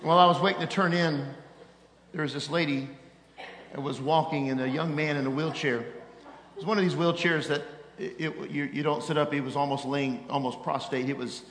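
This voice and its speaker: A middle-aged man preaching as an evangelist, telling a story in an animated, self-mocking way that swings from loud exasperation to hushed tones. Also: a little high, brisk, a little hiss or hum. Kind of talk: sermon storytelling. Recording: echoey hall with long reverb.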